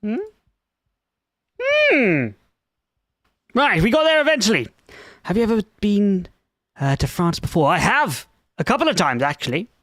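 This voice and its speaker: Lively, sweary streamer. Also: brisk, no echo, studio quality. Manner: swears a lot at an AI chatbot, mutters and reads aloud; swings between low muttering and loud outbursts. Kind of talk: live-streamed coding session.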